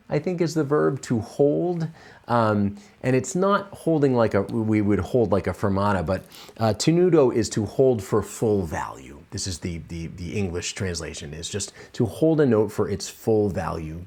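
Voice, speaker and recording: A man teaching piano, explaining a blues piece at an unhurried pace with many fillers. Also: lowish voice, a little mellow. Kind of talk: relaxed instructional explanation.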